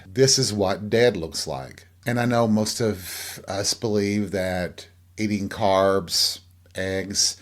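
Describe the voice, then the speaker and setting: A middle-aged man from Tennessee, hosting a podcast alone in candid, campy, chatty storytelling. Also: on the low side. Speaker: podcast host. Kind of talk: casual solo chat.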